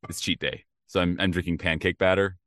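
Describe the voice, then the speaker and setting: Deep-voiced podcast guy, lively and bouncy, joking around, dry sound. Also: brisk, no echo. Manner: playful, laughing banter. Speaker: podcast co-host. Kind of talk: casual movie recap chat.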